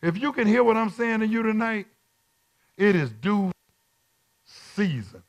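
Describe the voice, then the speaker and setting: High gravelly-voiced male preacher. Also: sing-song, a little slow. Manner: call-and-response, repeats phrases, swings from quiet to shouting. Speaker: bishop teaching Bible study. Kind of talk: preaching Bible study.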